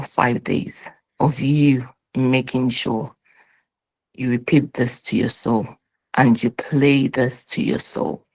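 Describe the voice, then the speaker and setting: A woman's voice: very deep voice, creaky, a little mellow, breathy edge, poor audio. A woman giving a motivational talk, emphatic and instructive, acting out little dialogues with her own soul. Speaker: motivational speaker.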